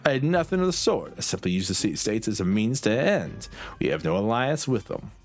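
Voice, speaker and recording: A man voicing a calm, scheming older male strategist in a lowered, deliberate voice while reading game dialogue. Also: soft background music.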